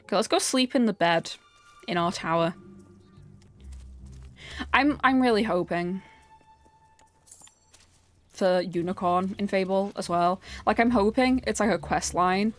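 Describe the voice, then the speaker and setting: A young woman streaming a game, chatting casually and excitably, often ranting and laughing. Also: medium pitch, a little slow, long pauses, faint music behind. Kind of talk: casual live-stream chat while playing.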